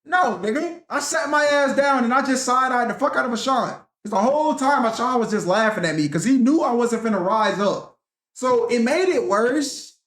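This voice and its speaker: A man's voice: extremely high pitch, animated, moderate pace, fairly bright tone. A young man telling a profane, rambling story in a casual rant vlog, talking animatedly and swearing often. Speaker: vlogger. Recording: echoey room.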